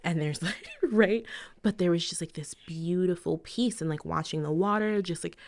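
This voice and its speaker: A middle-aged woman, a podcast guest, telling lively stories in casual chat, laughing often and sometimes dropping to a near whisper. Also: lowish voice, moderate pace.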